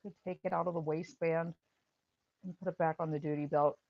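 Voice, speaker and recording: Gravelly low-voiced woman telling wry stories. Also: fairly even intonation, a little fast, no echo, dull audio. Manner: wry, blunt, laughs at her own stories. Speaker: livestream host and former EMT supervisor. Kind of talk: casual livestream storytelling.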